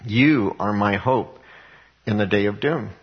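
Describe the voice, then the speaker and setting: A man's voice: lowish voice, unhurried, breathy edge, highs cut off. A man preaching a sermon, reading scripture aloud and explaining it in a conversational way, with frequent fillers and repeated words, rising to emphatic passages.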